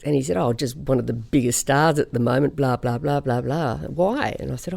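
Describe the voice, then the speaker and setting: She is a middle-aged woman from Australia, chatting as a guest in an interview. Her voice has a gravelly edge and a dark, mellow tone. She tells her stories in a lively way and laughs often. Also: low voice. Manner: chatty storyteller, quick to laugh. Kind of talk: casual interview chat.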